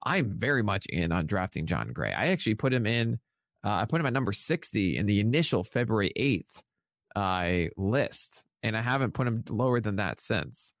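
A man co-hosting a podcast in casual, enthusiastic chat, his pitch swinging widely as he gets excited. The voice sits close and dry, with no room sound around it. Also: moderate pace, no room sound. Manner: animated, enthusiastic, jokey. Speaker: podcast co-host, fantasy baseball analyst.

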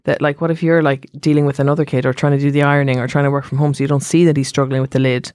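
A woman's voice: deep voice, little pitch movement, racing, darkish tone, no echo, clean studio sound. Woman host asking rambling questions. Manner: curious, rambling questions with many "like" fillers. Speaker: podcast host. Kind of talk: podcast interview.

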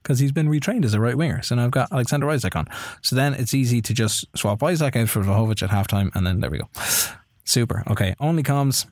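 Excitable Irish man narrating his game. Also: mid-range voice, fast talker, no echo. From Ireland. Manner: running commentary on his own game, excitable bursts. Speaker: podcast co-host playing a football management game. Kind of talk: casual live-play chat.

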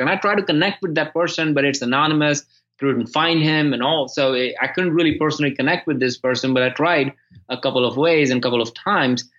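A man talking through his experiences as an author in a casual conversation, stopping and repeating words as he goes and growing animated in his stories. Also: mid-range voice, lo-fi sound. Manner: halting, repeats words when restarting, animated when telling stories. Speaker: podcast guest and author.

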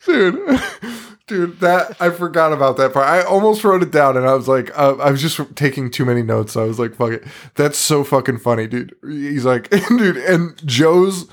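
A man's voice: fairly high pitch, animated, moderate pace. Brief: young male podcast co-host, casual movie recap, swears, laughs a lot. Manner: laughs often, swears, acts out movie lines.

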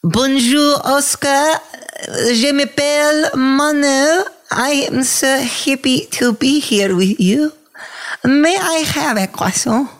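A man putting on a mock French accent as a giggly, over-sweet Frenchman, breathy and half-laughing. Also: very high-pitched, slow pace, fairly bright tone, pitched above the performer's own voice, full character voice. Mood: playful. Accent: put-on French.

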